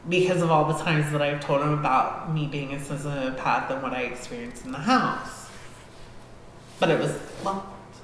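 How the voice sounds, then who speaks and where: A woman guest on a podcast telling a story casually, animated and swearing freely as she acts out scenes. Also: sits low, moderate pace. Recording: echoey hall-like room with faint noise.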